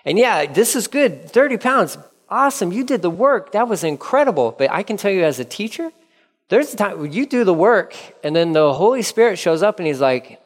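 A man giving a casual Bible-teaching sermon, lively and jokey, acting out the people in the story. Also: high voice, brisk, long reverb tail. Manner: animated, jokey, acts out quoted characters. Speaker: pastor teaching.

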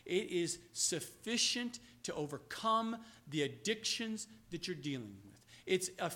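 A male pastor preaching with a high, bright voice whose pitch leaps around. He drops to a hushed murmur and then climbs back to loud, ringing emphasis. He stretches out his key words and acts out the voices he quotes. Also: expressive, unhurried. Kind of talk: sermon.

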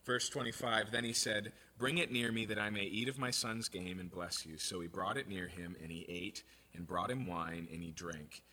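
A man giving an expository sermon, reading scripture aloud and explaining it in a conversational, animated way. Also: sits low, normal speed, hardly any pauses, breathy edge. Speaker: preacher.

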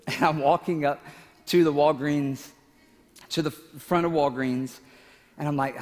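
Male pastor, slightly high voice, emotional storyteller, large echoing hall. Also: steady tone, slow, long pauses. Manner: emotional, tearful at times, laughing asides. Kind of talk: sermon with personal story.

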